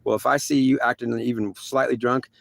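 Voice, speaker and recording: A man telling a first-person story in a rambling, halting way, full of restarts and acted-out exchanges. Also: mid-range voice, fairly even intonation, creaky, dry recording. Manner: halting, repetitive, many restarts; acts out other people's voices in quick back-and-forth.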